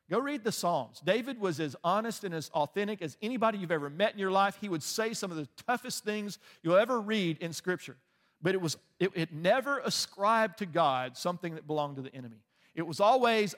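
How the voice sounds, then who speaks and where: Male preacher, fairly high voice, earnest conversational sermon, big reverberant sanctuary. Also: expressive, a little fast, a bit bright. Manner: earnest, conversational, frequent restarts. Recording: long reverb of a large hall.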